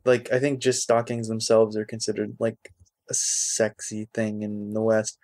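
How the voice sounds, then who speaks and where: A man's voice: lowish voice, completely flat delivery, moderate pace, a little mellow. Laid-back man explaining trivia. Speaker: podcast co-host. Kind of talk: casual chat.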